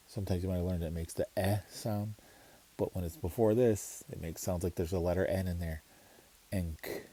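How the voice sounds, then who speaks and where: A man teaching a language lesson in a relaxed, explanatory way, slowly repeating words to show how they sound. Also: low voice. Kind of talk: casual screen-share lesson.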